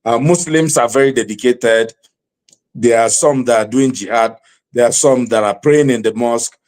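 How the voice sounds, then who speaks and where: A man's voice: mid-range voice, moderate pace, a little mellow. A man from Nigeria hosting a panel talk show, hedging with lots of "you know" as he steps into the debate.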